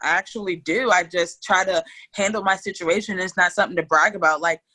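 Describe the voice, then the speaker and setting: A hyped woman chatting as a guest on a podcast, with a bright, sharp edge to her voice. She tells her stories in an animated, fast-moving way. She keeps things loose and casual and swears without holding back. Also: on the low side, poor audio.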